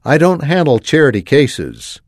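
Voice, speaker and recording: A man's voice: a little high, very animated, unhurried, dry recording, clean studio sound. A man reading aloud, voicing a mocking, grumbling teenage brother with a hidden kind streak. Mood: teasing. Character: teasing gruff teen older brother, secretly kind.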